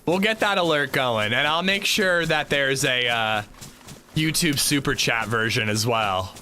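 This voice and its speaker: A man's voice: mid-range voice, a little slow, sharp tone, slight background noise. A man livestreaming a game, chatting casually in a rambling way, swearing freely and saying "like" a lot. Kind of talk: casual gameplay commentary.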